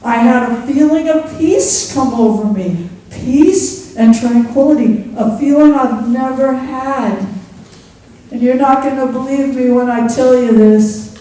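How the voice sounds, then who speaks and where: A woman's voice: sits high, unhurried, warm tone. A woman performing a poor young trailer-park mother in a live one-woman theatre monologue, confiding her story and addressing the listener by name. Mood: earnest. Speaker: stage character. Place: theatre stage. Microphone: distant stage mic. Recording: echoey theatre from far off.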